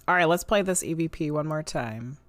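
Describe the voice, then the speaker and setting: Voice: mid-range voice, lively intonation, normal speed, fairly bright tone, a little hiss or hum. A podcast host chatting casually, attentive and affirming, running audio clips.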